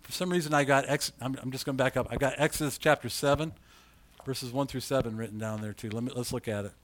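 A pastor preaching in a conversational way, reading scripture aloud and rising to loud emphasis. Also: male voice, medium pitch, fairly even intonation, fast talker. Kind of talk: sermon.

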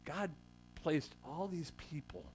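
A man with a slightly higher voice delivers a conversational sermon in a church, teasing members of his congregation and building to emphatic moments. A faint hum sits under the recording. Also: lively intonation, slow pace, darkish tone. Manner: conversational preaching, rising to emphatic quotes, joking with the congregation. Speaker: pastor.

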